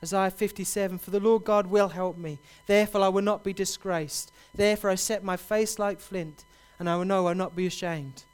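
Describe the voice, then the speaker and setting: A man preaching a sermon, building to loud, impassioned repeated cries. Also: high-pitched, steady tone, a little fast, few pauses, clean tone.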